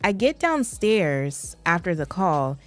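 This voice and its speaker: A woman in her thirties co-hosts a casual podcast, with a slightly low voice. She tells stories in an animated, expressive way and laughs often. Faint music plays underneath. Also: slow. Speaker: podcast co-host. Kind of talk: casual chat.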